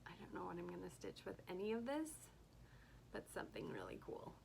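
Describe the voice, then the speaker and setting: Casual vlogger woman, soft and gushing, slips into whispers, slightly gravelly tone. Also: on the low side, huge pitch swings, brisk, slight background noise, poor audio. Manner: gushing, soft-spoken, often drops to a whisper. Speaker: cross stitch vlogger. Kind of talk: casual haul chat.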